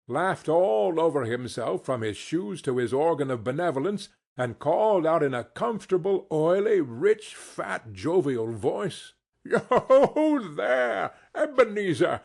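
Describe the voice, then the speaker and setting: A man narrating a classic novel as an expressive audiobook reading. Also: mid-range voice, husky. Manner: expressive, storytelling. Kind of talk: scripted narration.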